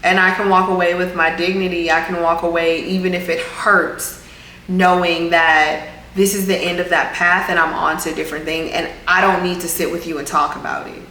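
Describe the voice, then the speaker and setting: A woman's voice: fairly low pitch, level tone, moderate pace, sharp tone. Earnest woman vlogger in a roomy room. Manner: earnest, repetitive, reflective. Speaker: vlog host. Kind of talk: casual motivational talk. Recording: roomy room with faint background hum.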